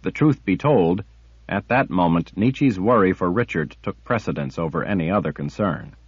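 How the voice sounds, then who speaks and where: A man narrating a fantasy audiobook with measured, dramatic storytelling. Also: deep voice, lively intonation, slightly rough, no room sound. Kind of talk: scripted narration. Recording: dull lo-fi audiobook recording.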